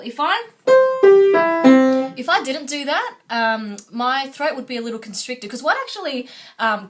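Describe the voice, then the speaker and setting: A young woman teaches singing in a clear, slightly high-pitched voice. She explains each step patiently and keeps checking that the student is following. Soft music sits faintly in the background. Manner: patient, instructive, checks in with "okay?". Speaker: vocal coach. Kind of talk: singing lesson.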